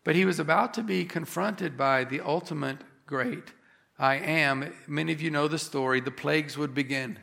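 A man preaching a sermon, emphatic, rising on key phrases and slowing down for effect. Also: fairly high pitch, gravelly, pushed and bright. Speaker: pastor.

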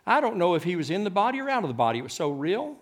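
A man preaching a sermon, swinging from loud, emphatic lines to hushed ones and often repeating his words. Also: high-pitched, very animated, very fast.

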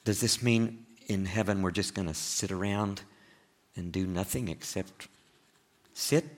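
A man with an East Texas accent preaching a sermon as pastor, chatty and full of questions to his listeners, with big swings in pitch and loudness for emphasis. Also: measured pace. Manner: conversational, asks the listeners frequent questions.

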